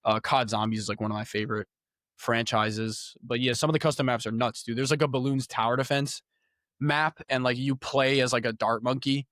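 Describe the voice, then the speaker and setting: A young man co-hosting a casual podcast, talking games in an animated, slangy way. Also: mid-range voice, brisk, no echo, studio quality. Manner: slangy, animated gamer talk. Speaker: podcast co-host. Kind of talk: casual chat.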